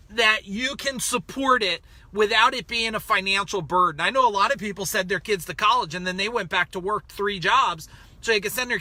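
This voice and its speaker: A man's voice: high voice, sharp tone, no echo. A man hosting a casual motivational live stream, greeting viewers by name in a chatty, emphatic way while he waits outside a store. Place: outside a grocery store waiting in a car.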